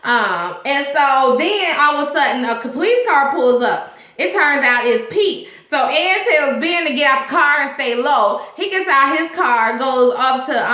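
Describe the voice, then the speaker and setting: Chatty high-voiced woman recapping a TV show. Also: sharp tone, echoey room. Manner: chatty, slangy, full of "you know what I'm saying". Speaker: TV show reviewer. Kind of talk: casual episode recap.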